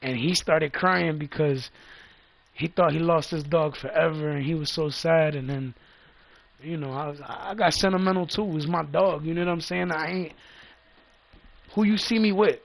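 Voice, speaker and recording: A man's voice: a little high, moderate pace, gravelly. A man telling a loose, profane story in a casual vlog, often repeating himself. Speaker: vlogger.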